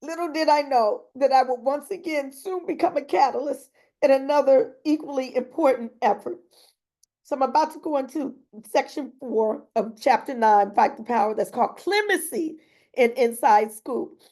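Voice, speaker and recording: A woman's voice: sits high, normal speed, warm tone. A woman reading aloud from her own memoir in an earnest, emotional way, breaking off now and then to add personal comments. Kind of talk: reading aloud with spontaneous asides.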